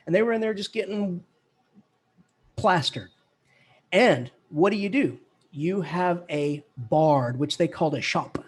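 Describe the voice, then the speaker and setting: A man teaching a college English class, lively and casual, chanting poetic rhythms aloud to show the beat. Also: high voice. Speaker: English professor. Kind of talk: classroom lecture.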